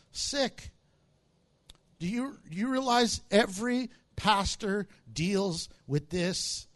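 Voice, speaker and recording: A man's voice: very high voice, takes it slowly. A man preaching as a pastor, telling stories with jokes and acting out quotes. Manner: animated storytelling with jokes and acted-out quotes. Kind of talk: sermon.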